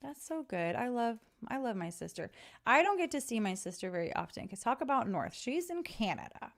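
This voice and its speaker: A woman's voice: on the high side, sing-song, brisk. Chatty middle-aged woman crafting on camera. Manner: chatty, rambling, warmly addresses viewers. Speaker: journaling craft vlogger. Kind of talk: casual chat while crafting.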